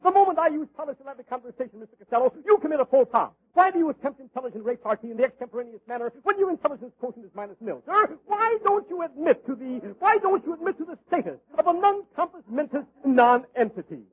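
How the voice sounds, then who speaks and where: A haughty, lecturing professor who piles up long words. The voice sits very high and runs fast. It comes through the muffled sound of an old radio broadcast. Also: male voice, big pitch swings. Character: pompous man, a long-winded professor. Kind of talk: 1940s radio comedy acting.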